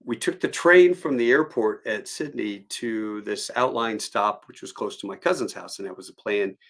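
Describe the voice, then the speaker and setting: A man's voice: lowish voice, moderate pace, a bit bright. A man hosting a solo live stream, telling rambling travel anecdotes with frequent chuckles. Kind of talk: storytelling.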